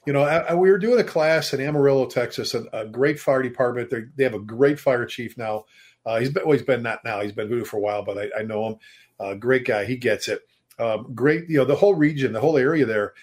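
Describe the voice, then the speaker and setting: Speaking at a quick pace with a medium pitch, this middle-aged man is a fire chief who also writes books. He's a podcast guest in a relaxed conversation, telling emphatic stories with the occasional mild curse.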